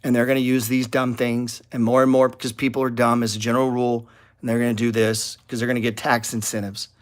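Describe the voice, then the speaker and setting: A man's voice: medium pitch, flat delivery, fast talker. A middle-aged man hosting a casual stock trading talk to viewers, blunt and profane, rambling and getting heated. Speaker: stock trading channel host.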